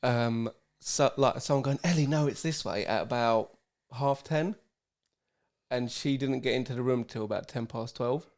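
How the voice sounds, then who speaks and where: A man's voice: mid-range voice, steady tone, unhurried, a little mellow. A young man co-hosting a podcast, telling rambling, sweary stories in casual banter and laughing often. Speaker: podcast co-host.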